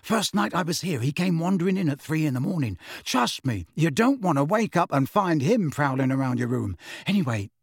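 A man voicing a frank, slightly anxious teenage boy wizard in a storybook reading, in a raised, animated voice. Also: a little high, a little fast, hardly any pauses, husky, dry recording, clean studio sound, voice pushed up, exaggerated voice.

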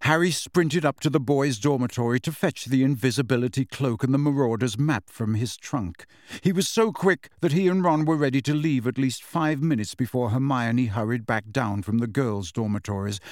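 A man's voice: mid-range voice, moderate pace, no echo. Man narrating an audiobook, dry and close. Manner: steady storytelling, voices the characters. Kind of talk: scripted narration. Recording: dry close studio recording.

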